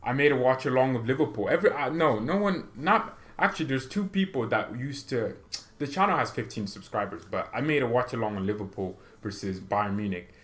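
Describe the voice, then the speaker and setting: A man's voice: medium pitch, lively intonation, brisk, fairly bright tone. A young man hosting a livestream for a fan channel, chatting casually and reading out viewer comments, with frequent stammers and laughs. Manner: rambling, stammering, laughs often, reads chat aloud.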